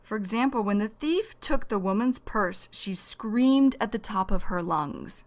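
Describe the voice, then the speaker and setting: A woman gives a slow, careful English vocabulary lesson, repeating each key phrase. Her voice is medium-pitched and expressive.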